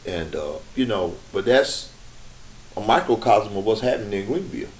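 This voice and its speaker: Low-voiced middle-aged man telling stories. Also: sing-song. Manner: unhurried storytelling with frequent restarts. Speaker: podcast host. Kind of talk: casual podcast conversation.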